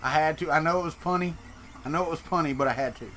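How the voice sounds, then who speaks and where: A man with a Southern American drawl hosts a casual live stream, joking with viewers as he answers their messages. His voice sits a touch higher than most men's. A faint hiss of background noise runs under the talk. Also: fast, sharp tone. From Florida, Deep South. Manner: joking, chatty, reads and answers chat. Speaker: streamer host.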